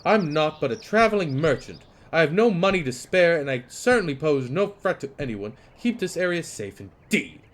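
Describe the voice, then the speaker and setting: A man voicing a fussy, indignant male traveling merchant, reading game dialogue aloud in a loud, protesting manner. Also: fairly high pitch, sing-song, normal speed, hardly any pauses, voice pushed up.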